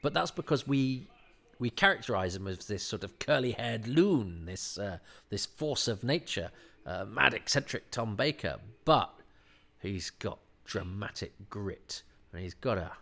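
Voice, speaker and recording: A man giving a casual commentary on a classic TV serial, chatty and halting, breaking into acted-out quotes. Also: lowish voice, animated, creaky, a bit bright.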